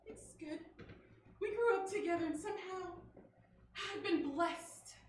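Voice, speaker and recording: A woman's voice: very high voice, unhurried, a little hiss or hum. A woman playing a smug, wealthy country-club snob who talks down to others in a live improv scene. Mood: condescending. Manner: condescending, sing-song. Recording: echoey theater from far off.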